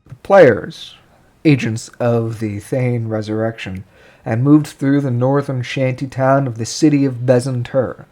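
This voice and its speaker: Slow, measured male game master. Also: mid-range voice, steady tone, mellow. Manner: slow, measured narration with pauses. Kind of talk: narrating a tabletop game recap.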